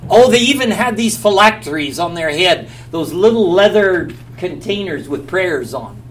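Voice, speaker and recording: A man's voice: high-pitched, expressive, normal speed. A man teaching a Bible class, telling a story with animation and quizzing his listeners. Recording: echoey, from a distance, faint hum.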